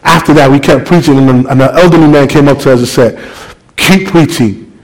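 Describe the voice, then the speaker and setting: A man preaching a sermon, telling a story with lively, animated delivery that climbs toward near-shouting. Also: mid-range voice, brisk, low-quality recording. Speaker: pastor.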